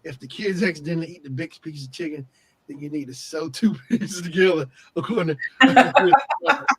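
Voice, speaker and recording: A man's voice: fairly high pitch, animated, fairly quick, background noise. A man in a casual chat, backing up the host with short responses and laughs, joking about chicken. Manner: brief responses and chuckles.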